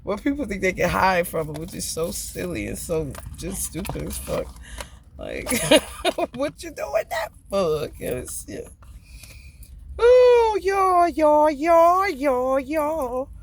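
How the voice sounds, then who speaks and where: A man's voice: sits high, sing-song, measured pace, gravelly, slight background noise. A man giving a casual tarot reading, profane, chatty and laughing often. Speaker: tarot reader.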